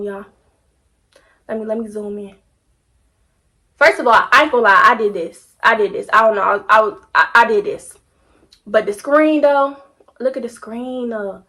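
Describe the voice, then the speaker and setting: A young woman telling a casual storytime, animated and slangy, repeating phrases for comic effect. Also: fairly high pitch.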